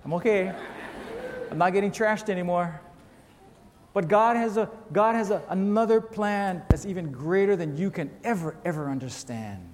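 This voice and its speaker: A man with a high voice preaches a storytelling sermon, lively and poking fun at himself. His voice rings out through the long reverb of a big church hall. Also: moderate pace, a little hiss or hum. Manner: animated storyteller with self-mocking humor. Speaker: pastor.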